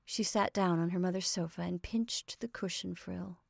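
A woman giving a measured, expressive reading of a literary short story as narrator. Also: on the low side, creaky, no echo, clean studio sound.

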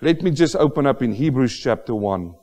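A man preaching a sermon with emphatic, exclamatory delivery, building to loud rhetorical questions. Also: mid-range voice, lively intonation, a little fast, in a large hall. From Australia. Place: church hall.

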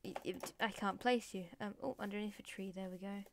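A woman's voice: mid-range voice, fairly even intonation, a little fast, slight background noise. A woman giving playful, chatty gameplay commentary, talking to in-game animals and dropping into whispered asides. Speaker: Let's Play gamer.

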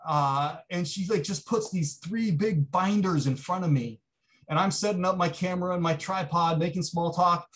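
A man's voice: sits high, normal speed, fairly bright tone. A man giving a keynote talk, telling an anecdote in a conversational way with frequent restarts. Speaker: keynote speaker. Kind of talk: storytelling lecture.

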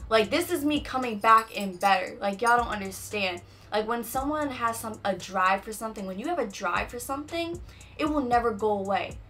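A woman's voice: on the high side, animated, normal speed, fairly bright tone, faint music behind. A young adult woman hosting a casual faith-based talk, chatty and full of "you know what I'm saying.". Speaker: podcast host.

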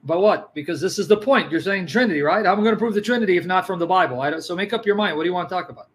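A man's voice: high-pitched, very fast, rough recording. A man in a live religious debate, pressing his opponent with questions and reading scripture aloud. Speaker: Christian debater.

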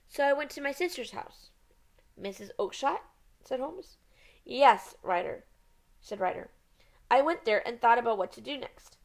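A panicky, pleading man caught red-handed, read by a woman, his voice climbing high and tight. He rushes through his confession, anxious and begging for mercy. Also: close to an everyday voice. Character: frightened, pleading male hotel thief.

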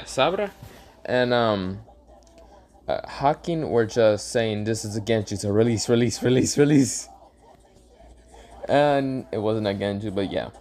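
A man casually retelling an improvised fan story, rambling with lots of fillers, stumbling over names and correcting himself. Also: fairly low pitch. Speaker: YouTube storyteller.

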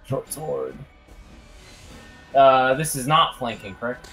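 Animated, swearing male player. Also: mid-range voice, takes it slowly, slightly rough, soft background music, poor audio. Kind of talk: casual game chat.

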